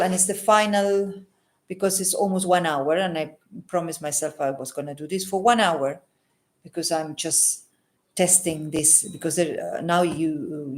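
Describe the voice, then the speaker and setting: A woman's voice: low voice, darkish tone. A woman healer giving an earnest, unscripted talk to camera, repeating phrases for emphasis and adding a questioning "hmm?" after her points. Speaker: holistic healer and psychic. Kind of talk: unscripted advice monologue to camera.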